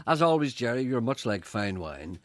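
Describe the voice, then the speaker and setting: An older man who presents a radio show. He talks with sardonic, deadpan humor and wry banter. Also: mid-range voice, no room sound. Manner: sardonic, deadpan, often laughing.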